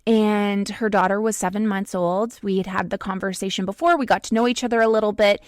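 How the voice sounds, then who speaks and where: A woman hosting a podcast, giving an emphatic motivational talk to the listener with slow, deliberate stresses. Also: medium pitch, fairly even intonation, no echo. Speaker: podcast host.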